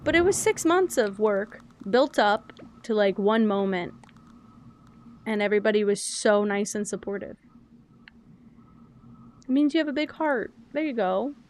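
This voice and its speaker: A young adult woman streamer chats casually and openly while playing a game, calling herself loud and yappy. Her voice is medium in pitch with a measured pace and frequent pauses, and her manner is chatty and animated. There's a little hiss or hum in the background.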